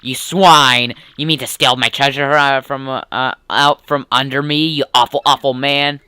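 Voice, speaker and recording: A man's voice: medium pitch, fairly even intonation, normal speed, sharp tone, clear, resonant tone, no echo, natural voice. A man voicing a vain, greedy merchant sailor in a grandiose, theatrical accent while reading a game's dialogue aloud. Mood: pompous. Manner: grandiose, theatrical "pirate" voice he says strains his throat. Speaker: let's play gamer reading dialogue aloud.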